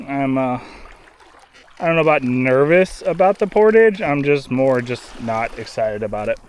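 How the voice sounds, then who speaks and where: A man's voice: medium pitch, expressive, normal speed, clean tone. A man narrating a casual travel vlog outdoors from a kayak, upbeat and rambling, with lots of "uh" fillers. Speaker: vlogger on a kayak trip.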